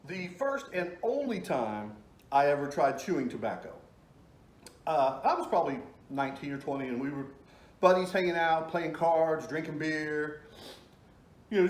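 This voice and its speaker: A middle-aged man casually telling stories from his youth, rambling with lots of fillers. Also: mid-range voice. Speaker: storyteller host. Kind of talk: casual storytelling. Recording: echoey room.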